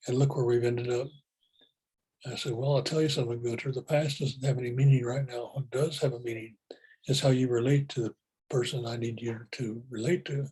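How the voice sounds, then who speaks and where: A man telling personal spiritual stories in a calm, unhurried, matter-of-fact way. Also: medium pitch, slightly rough, rough recording. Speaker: speaker telling spiritual experiences. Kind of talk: personal storytelling.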